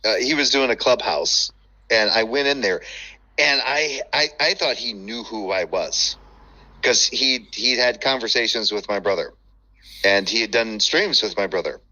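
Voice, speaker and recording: A man telling stories in casual chat, profane and animated, acting out the voices he quotes. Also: fairly low pitch, moderate pace, muffled recording.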